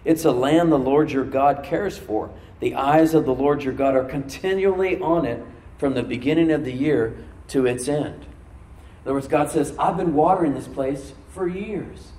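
A man preaching a sermon as pastor, stressing words by slowing down and rising in emphasis. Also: medium pitch, a little mellow, distant mic. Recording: echoey room, from off mic.

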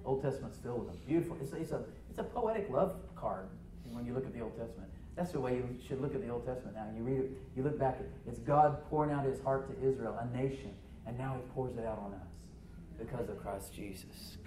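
A man's voice: mid-range voice, fast talker, slight background noise. Man preaching in an echoey church. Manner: swings from loud emphatic preaching to hushed near-whispers. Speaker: pastor. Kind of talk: sermon. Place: church sanctuary.

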